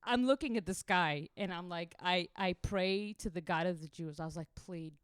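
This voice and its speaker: A woman's voice: fairly low pitch, moderate pace, smooth, no room sound, clean studio sound. A young woman from Israel, a podcast co-host, telling a wild travel story casually, swearing freely and laughing through it.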